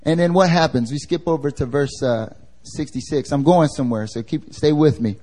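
Brief: male preacher, somewhat high voice with a mellow tone, conversational sermon, quizzes the listeners. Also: normal speed. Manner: casual and slangy, asks the congregation questions. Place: church service.

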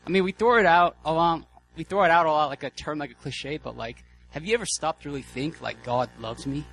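Male guest preacher, slightly high voice, breathless and fired up, chatty sermon delivery, soft music underneath. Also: brisk, rough recording. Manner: casual, excitable, lots of fillers and restarts.

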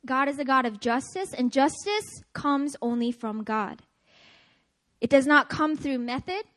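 A woman with a high voice preaches a testimony-style sermon. She speaks with energy and an emphatic, repeating cadence, and often breaks into laughter. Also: a little slow, a bit bright. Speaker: speaker at a prayer meeting.

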